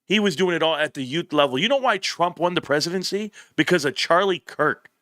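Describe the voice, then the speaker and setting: A man hosts his own commentary show from a room set up for it, talking with building passion and emphatic repetition. His voice is bright and forceful, and the dry, close sound has almost no room echo. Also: a little high, animated, a little fast. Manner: impassioned, growing heated and emphatic, repeats phrases. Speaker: political commentary show host. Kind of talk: opinionated commentary.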